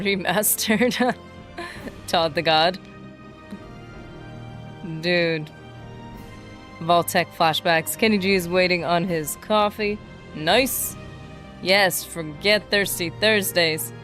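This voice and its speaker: A woman livestreaming a game, chatting excitedly and casually with her viewers. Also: on the low side. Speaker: streamer. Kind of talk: casual livestream gaming chat.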